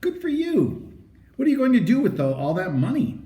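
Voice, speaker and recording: A kindly, cheerful older doctor, as a male reader puts him on speaks warmly and encouragingly. His tone is mellow, with pitch that moves freely, and the storybook reading has a roomy echo. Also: big pitch swings, normal speed. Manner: warm, encouraging.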